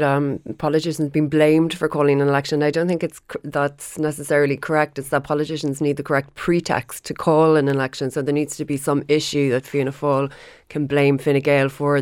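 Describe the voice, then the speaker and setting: A woman giving crisp, pointed political analysis on a radio panel. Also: deep voice, level tone, brisk, a little mellow, dry recording, studio quality. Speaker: political commentator.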